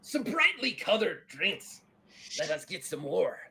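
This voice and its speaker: A man's voice: high-pitched, very animated, unhurried, vocal fry, pushed and bright, voice pushed up, exaggerated voice. A man voicing a brash, nosy male pirate who says "arr" and calls people "wee lass". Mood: boisterous.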